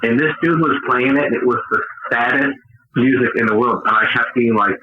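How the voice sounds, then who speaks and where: A male podcast co-host spins rambling, profane anecdotes in loose banter and laughs through many of them. His pitch sits mid-range. The recording is muffled and lo-fi, with a noisy background. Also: fairly quick, bright, forceful tone, reverberant. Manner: profane, rambling storyteller who often laughs. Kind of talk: casual banter. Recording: dull lo-fi sound with noise.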